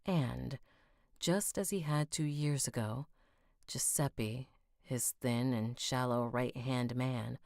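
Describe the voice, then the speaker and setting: A woman's voice: a bass voice, slow, gravelly, a little mellow, dry recording, studio quality. A woman narrating a fantasy audiobook, stopping to fix slips and rereading lines.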